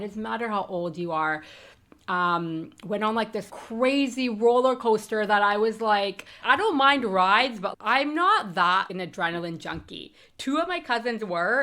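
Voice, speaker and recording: A woman podcast host telling a personal story in a candid, emotional monologue, swearing freely and moving between quiet, heavy moments and bright ones. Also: medium pitch.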